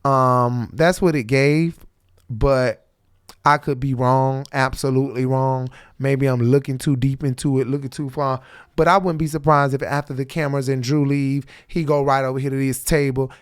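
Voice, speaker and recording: A man's voice: medium pitch, fairly even intonation, normal speed, clean tone, dry recording, studio quality. A man hosting a reaction show, ranting bluntly and profanely about a reality episode. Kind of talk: casual reaction commentary.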